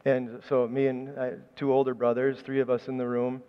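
A man's voice: mid-range voice, monotone, normal speed, clean tone, in a large hall, muffled recording. A man preaching a sermon in a conversational, storytelling way, often restarting his phrases. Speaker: pastor.

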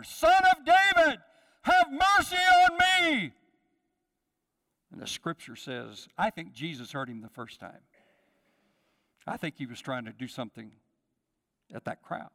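A man's voice: mid-range voice, lively intonation, a little slow, long pauses, fairly bright tone. Preaching man in a reverberant church. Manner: dramatic preaching, acting out voices, calls to the congregation. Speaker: pastor. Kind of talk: sermon. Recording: long hall reverb.

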